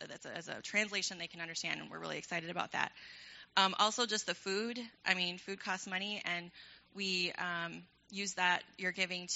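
A woman's voice: lowish voice, vocal fry, bright, forceful tone, muffled recording. A young woman leading a ministry program, addressing a church in a casual, enthusiastic, chatty way with frequent laughter.

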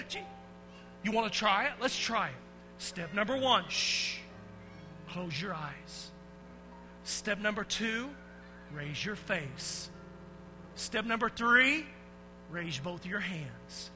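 Bright, high-voiced man leading a children's sermon. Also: takes it slowly. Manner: animated storyteller, swings from hushed to shouting. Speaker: children's pastor. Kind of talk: lively children's sermon with call-and-response. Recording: long hall reverb with faint music.

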